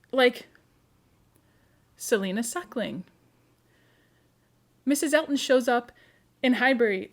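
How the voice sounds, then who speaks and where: A woman presenting a casual, chatty talk on novels, full of quick asides. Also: on the high side. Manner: chatty, quick asides, mimics characters she discusses. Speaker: conference presenter.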